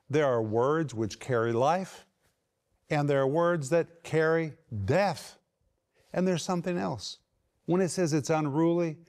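Middle-aged male preacher, fairly high voice, emphatic delivery that stretches out key words. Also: a little mellow. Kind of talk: sermon.

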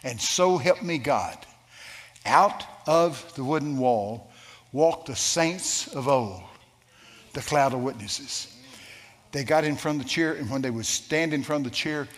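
A man preaching a sermon, telling a story with lively shifts and asking the congregation questions. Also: medium pitch, unhurried. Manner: storytelling, animated, asks the crowd questions. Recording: long hall reverb.

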